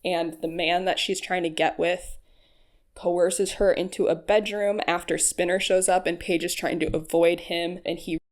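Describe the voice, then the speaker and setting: A woman's voice: on the low side, steady tone, moderate pace. A woman hosting a casual recap voice-over, chatty and frank, laughing often and using lots of fillers. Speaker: YouTube recap host.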